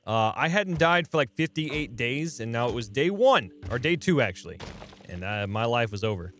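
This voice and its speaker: A man's voice: medium pitch, moderate pace, a little hiss or hum. A young man commenting on a game as he plays it, talking to viewers and yelping and laughing at surprises. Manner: excitable, talks to viewers, yelps and laughs at surprises. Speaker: gaming channel host. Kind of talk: let's play commentary.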